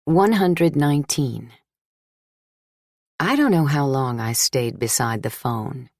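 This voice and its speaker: A woman reading a novel aloud as an audiobook narrator, in a measured, inward first-person style. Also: a bass voice, expressive, a little mellow, no room sound, clean studio sound.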